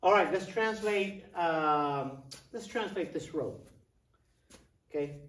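A middle-aged male Spanish teacher giving a vocabulary lesson, slowly repeating each word with care. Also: a little high, a bit bright. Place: classroom. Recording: echoey room, mic at a distance.

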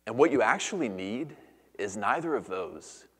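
A man in his thirties preaching a sermon as pastor, earnest, moving between hushed near-whispers and lively storytelling. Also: fairly low pitch, normal speed, slightly rough. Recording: long reverb of a church hall.

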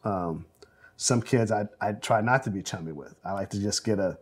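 Animated, rambling man in his forties. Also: lowish voice, moderate pace, breathy edge. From South Central Los Angeles, USA. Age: 40s. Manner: animated storyteller, acts out quotes, many fillers. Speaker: film director interviewee. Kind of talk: oral history interview, anecdotal storytelling.

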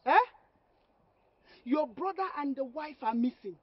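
A woman's voice: high-pitched, expressive, a little slow, no echo. A woman playing a proud young woman who sharply scolds a man pestering her. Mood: angry. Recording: dry, dull lo-fi audio.

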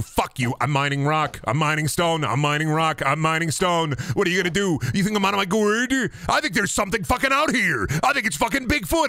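A man streaming a video game, cursing and trash-talking loudly, then dropping to low mutters. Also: lively intonation, a little fast, a little hiss or hum. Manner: profane, rowdy trash talk to the game; jumps between loud yelling and low mutters. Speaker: gaming streamer. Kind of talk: live gaming stream commentary.

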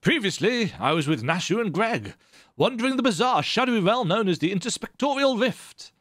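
A man voicing a pompous, fussy male gentleman inspector. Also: sits high, very animated, brisk, dry recording, full character voice.

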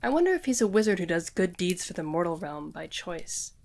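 A woman's voice: on the low side, very animated, brisk, creaky, a little mellow, a little hiss or hum. A woman voicing a young, earnest witch in training who rambles and talks straight to the listener in an audio role-play. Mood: puzzled. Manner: rambling, addresses the listener directly.

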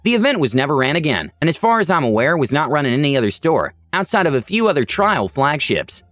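A man reading online stories aloud as narrator, with a wry, deadpan delivery. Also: on the high side, quick pace, no room sound, studio quality, faint music behind.

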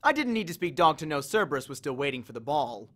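A man reading a novel aloud, telling the story in a fairly high voice that rises and falls a lot. His delivery is expressive and animated as he moves through the action. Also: fast. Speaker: audiobook reader.

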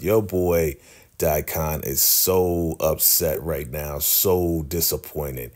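A man giving a chatty, animated recap of a TV episode. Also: very deep voice, slow. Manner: chatty, animated, laughs often. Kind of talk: casual TV recap.

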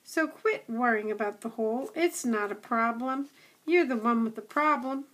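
A woman doing a gruff old dog. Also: fairly high pitch, moderate pace, fairly bright tone. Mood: rambling. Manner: blunt, scoffing, chatty. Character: old male red setter dog, gruff, know-it-all.

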